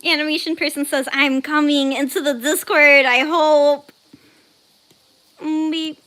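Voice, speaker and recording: A woman's voice: sits high, steady tone, normal speed, a bit bright. A young woman hosting an art livestream, casually chatting and reading chat messages aloud, laughing often and squealing when surprised.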